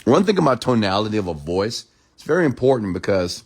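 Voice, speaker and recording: This man runs a late-night stream where he reads chat comments aloud and answers them. He varies his speed and tone intentionally, sometimes easing into a deliberate anchorman delivery, with a fairly low, sing-song, creaky voice that's a little mellow and slightly rough.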